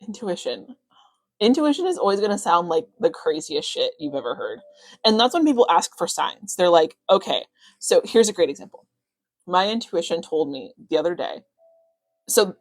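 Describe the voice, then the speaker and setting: A young woman chats on a phone live stream, coaching her viewers in loose, rambling talk full of fillers. Her voice sits a little low. The sound is dry and close, with no room around it. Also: no room sound. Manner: rambling, many fillers, excitable.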